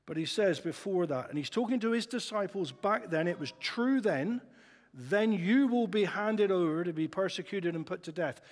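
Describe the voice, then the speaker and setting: A man preaching a sermon in a chatty, lively way, often putting rhetorical questions to the congregation. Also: high voice, moderate pace. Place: church hall. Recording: long church reverb.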